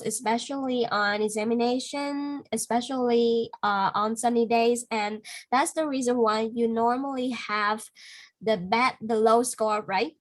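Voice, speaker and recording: A woman's voice: a little high, poor audio. A woman with a Vietnamese accent, a non-native English speaker, tutoring a student one-to-one, correcting him patiently with many fillers.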